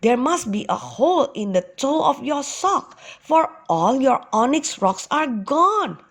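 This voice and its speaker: A kind, gentle father ox from a children's storybook, read by a woman. He talks slowly and warmly to his son, his voice lively and rather high. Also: heavily acted.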